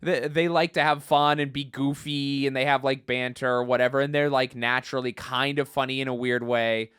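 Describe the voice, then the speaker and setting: A man jokes and teases on a comedy podcast, often laughing at his own bits. His voice is smooth and clear and sits at an ordinary pitch, recorded close and dry. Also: steady tone, moderate pace, a bit bright, dry recording. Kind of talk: casual podcast banter.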